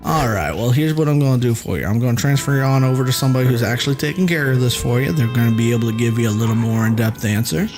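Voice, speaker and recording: A man putting on a slow, low Southern drawl as a polite customer-service persona. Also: music in the background, natural voice. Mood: soothing.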